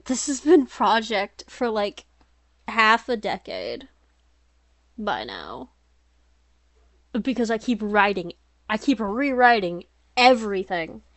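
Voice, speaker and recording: This woman narrates her own story in a steady, plain manner, pausing often and speaking slowly in a mid-range voice. Every so often she breaks off for a chatty aside at her own expense, and there's no room sound.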